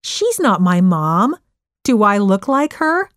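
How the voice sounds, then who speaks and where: Woman doing a calm, reassuring young man. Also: medium pitch, slow, no room sound. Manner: reassuring, matter-of-fact. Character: calm, self-reliant nineteen-year-old young man.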